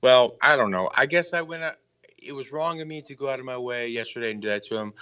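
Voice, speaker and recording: A man's voice: mid-range voice, fast, pushed and bright, smooth. A male caller on a live stream, defensive and rambling, swearing a lot in a heated argument. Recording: dull lo-fi call-in audio.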